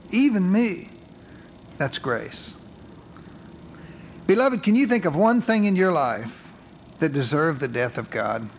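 A man preaching a sermon as pastor, reading scripture slowly and with emphasis. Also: on the high side, slight background noise, poor audio.

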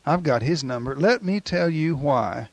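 A man's voice: a little high, expressive, normal speed, dry recording. A man voicing the devil as a boastful, strutting male figure with a swaggering, scheming manner, within a sermon retelling.

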